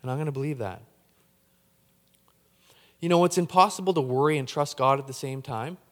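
Speaking briskly in a fairly high voice, a preacher works himself up during a sermon, tripping over repeated words in his excitement. The church hall around him leaves a long reverb tail.

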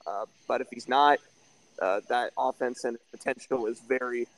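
A man's voice: mid-range voice, fairly even intonation, moderate pace, poor audio. A man co-hosting a casual sports podcast from a backyard, bluntly breaking down team records and stats. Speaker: podcast co-host. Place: backyard, outdoors.

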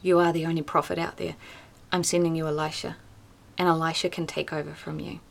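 A gentle, patient God speaks in a low, soft hush, as a woman quotes him in her devotional talk. The tone is calm and reassuring, never stern. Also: fairly quick, creaky.

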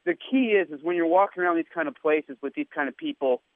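A man who is a radio sports host, excitedly telling an anecdote and acting out the quoted lines. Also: a little high, fast talker, no echo. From India. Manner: animated anecdote teller, acts out quoted lines. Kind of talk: casual storytelling. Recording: tinny phone-like line.

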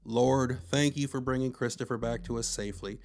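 A man voicing an older pastor with a solemn, measured manner and a hint of menace. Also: mid-range voice, fairly even intonation, gravelly, darkish tone, natural voice. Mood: praying.

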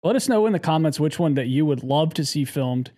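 A man's voice: a little high, animated, a little fast, dark tone. A man co-hosting a comedy podcast, chatting casually and rambling with self-mocking asides. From Italian heritage, USA. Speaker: podcast co-host.

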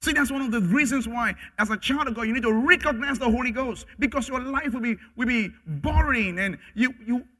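A pastor preaching a sermon, swinging from loud emphatic bursts to quiet asides. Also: male voice, fairly quick, few pauses. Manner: emphatic, rising to loud bursts then dropping low.

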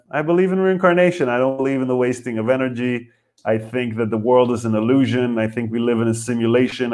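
Male comedian-host, mid-range voice, casual rambling monologue, swearing, rhetorical, loud-to-quiet swings. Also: medium pitch. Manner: animated, profane, lots of rhetorical questions.

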